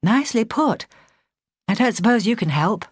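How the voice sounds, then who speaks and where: A practical young woman skipper , read aloud by a woman, who speaks in a brisk, decisive way. Her voice moves lively up and down. The sound is dry and close. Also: a little high, husky, dry recording, voice pushed up. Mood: urgent.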